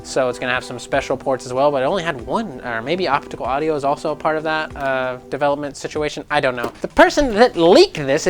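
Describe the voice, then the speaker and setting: A young man hosting a casual gaming news vlog, animated and sarcastic, swearing freely and mocking people in put-on voices. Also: a little high. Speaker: gaming news channel host.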